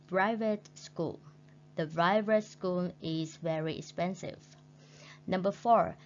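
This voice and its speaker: A woman English teacher with a Vietnamese accent, leading a recorded lesson slowly and repeating words for her learners. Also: fairly low pitch, a little mellow. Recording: dull lo-fi recording with faint hum.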